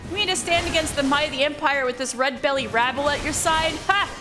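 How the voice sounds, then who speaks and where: A woman's voice: high voice, fast talker, over music, close to an everyday voice. A woman voicing a scornful male commander from a video game, reading his formal, mocking lines aloud on a live stream. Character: haughty male imperial commander, scornful villain.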